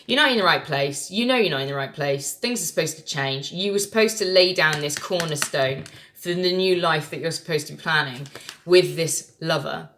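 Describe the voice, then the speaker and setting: A woman's voice: low-pitched, normal speed, a bit bright. A woman giving a casual tarot reading, blunt and lecturing, who swears freely. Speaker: tarot reader.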